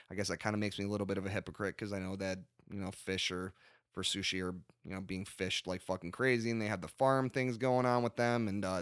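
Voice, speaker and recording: A man hosting a casual podcast, ranting with lots of swearing and animated asides. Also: fairly low pitch, clean tone, no echo, studio quality. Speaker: podcast host.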